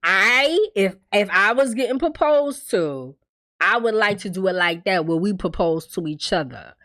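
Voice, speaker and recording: A woman casually recapping a TV episode, profane and laughing often, acting out characters' lines in quick impressions. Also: mid-range voice, expressive, bright, forceful tone. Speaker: TV recap host.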